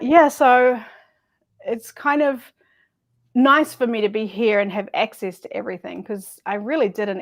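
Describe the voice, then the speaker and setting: A middle-aged woman, a quilting guest telling stories in a chatty, easy-laughing way. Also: medium pitch. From New Zealand. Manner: chatty, laughs easily, lively storyteller. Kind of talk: casual chat.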